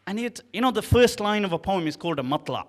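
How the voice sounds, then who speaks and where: A man giving a lively storytelling lecture at an event, speaking casually and acting out the dialogue. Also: high voice, fast. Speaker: Islamic scholar speaking at an event. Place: large hall at a live event. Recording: long hall reverb.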